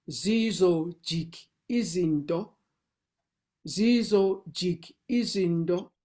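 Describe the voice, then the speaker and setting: A woman's voice: lowish voice, darkish tone. A South African woman leading a sing-along, teaching a song's words and pronunciation patiently, repeating syllables and restarting as she explains. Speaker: song leader. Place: indoors, online sing-along session.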